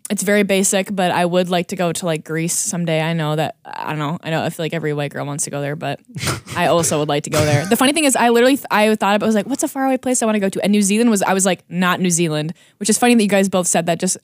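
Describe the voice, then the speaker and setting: A woman's voice: on the low side, fast talker, no echo, clean studio sound. A young woman guest on a podcast, chatting casually, giggling and rambling as she talks. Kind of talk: casual chat.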